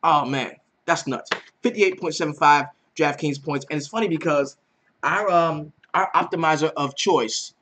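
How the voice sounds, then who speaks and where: A man hosting a casual daily fantasy basketball breakdown, animated and slangy, swearing freely. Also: a little high, moderate pace, slight background noise. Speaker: daily fantasy sports host. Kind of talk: casual sports betting breakdown.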